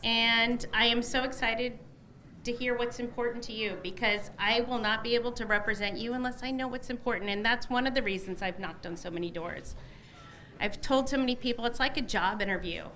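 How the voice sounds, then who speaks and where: A woman's voice: a little high, fairly even intonation, brisk, pushed and bright. A middle-aged woman, a newly elected candidate, gives an emotional, effusive election night victory speech at a headquarters party, thanking many people.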